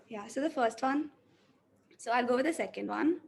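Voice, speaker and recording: A woman's voice: a little high, moderate pace, creaky, pauses often, husky. A young woman, a first-year acting student introducing herself politely in class. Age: young adult.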